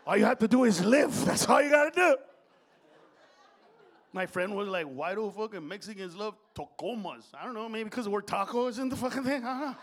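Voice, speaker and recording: A male stand-up comedian on stage, brash and profane, jumping between loud rants and low muttering. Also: a little fast, long pauses, some chatter behind. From Honduras. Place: comedy stage before a live audience.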